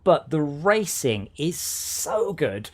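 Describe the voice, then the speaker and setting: A man's voice: a little high, big pitch swings, slow, husky. A man streaming a video game with friends, chatting casually in a rambling, sweary way and often breaking off mid-sentence. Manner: rambling, sweary, self-interrupting. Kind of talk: casual gaming chat.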